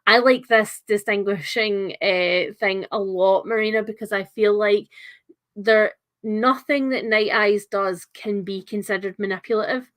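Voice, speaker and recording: Young adult woman, book stream host: chatty, enthusiastic, filler-heavy, mid-pitched. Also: fairly even intonation, a little slow, fairly bright tone. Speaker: book club livestream host. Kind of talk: casual livestream book discussion.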